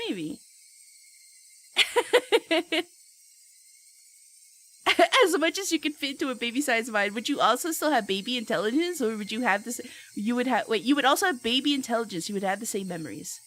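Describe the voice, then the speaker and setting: A young woman streamer chatting casually with her viewers, giggly and playful, loudly reacting to chat. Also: on the high side, lively intonation, moderate pace, long pauses.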